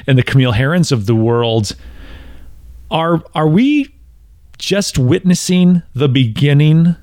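A man's voice: a little high, expressive, measured pace, darkish tone, no room sound, studio quality. A man hosting a conversational interview, asking long, emphatic questions. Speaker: podcast host.

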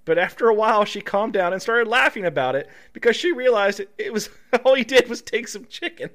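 High, lively male podcast co-host. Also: fairly quick. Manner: reads news items aloud and breaks off to joke and laugh. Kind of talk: casual comedic podcast chat, reading news stories aloud.

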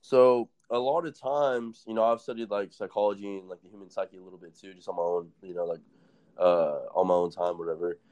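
A man's voice: sits low, steady tone, a little fast, a little mellow, dull audio. A young man hosting a casual chat, telling stories in a rambling, profane way and laughing often. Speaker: podcast host.

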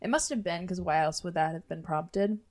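A young woman co-hosting a podcast, telling stories in a relaxed, casual way with many "um"s and "like"s. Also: on the low side, a little fast. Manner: relaxed storytelling, many "um" and "like", laughs easily. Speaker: podcast co-host. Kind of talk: casual chat.

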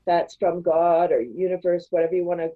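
Low-voiced woman telling stories. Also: brisk, narrow, tinny audio. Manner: animated storytelling with frequent laughs. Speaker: podcast guest, entrepreneur. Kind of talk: casual interview chat.

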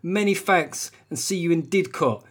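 A man's voice: a little high, moderate pace, husky, voice pushed up. A man doing a cocky young South London guy. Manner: mock cool urban slang delivery.

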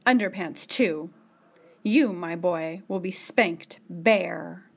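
A woman's voice: lowish voice, vocal fry, exaggerated voice. A woman reading as a stern imperious older lady. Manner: brisk, imperious, scolding. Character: stern commanding middle-aged woman disciplinarian.

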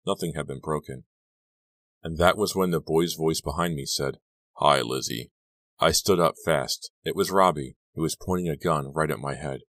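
A man narrating an audiobook in a measured, suspenseful way. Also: extremely low pitch, a bit bright, no echo. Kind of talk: dramatic audiobook reading.

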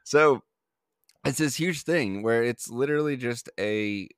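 A man's voice: medium pitch, unhurried, clean tone, dry recording, clean studio sound. A man hosting a podcast in casual chat, rambling with many fillers and restarts. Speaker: podcast host.

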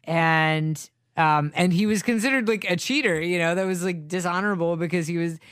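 A man's voice: sits high, normal speed, fairly bright tone, smooth, no echo, clean studio sound. A man co-hosting a podcast, chatting casually and digressively about a film, swearing now and then. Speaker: podcast co-host.

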